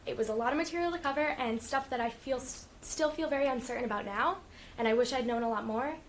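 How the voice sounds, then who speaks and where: A woman's voice: fairly high pitch, quick pace. A teenage girl giving an earnest prepared statement at a school committee meeting, with frequent ums. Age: teens. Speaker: student speaker at public comment.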